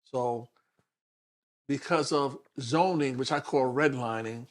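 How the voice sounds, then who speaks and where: A detective from Brooklyn, New York, sits for an interview as a guest and tells stories from his life. He speaks slowly in a mid-range voice and is an animated storyteller who acts out the people he quotes.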